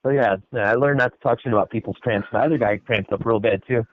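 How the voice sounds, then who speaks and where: A man's voice: mid-range voice, fast talker, no echo. A man hosting a podcast in casual chat, swearing often and acting out quotes in a raised voice. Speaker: podcast host. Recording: dry, tinny phone-like sound.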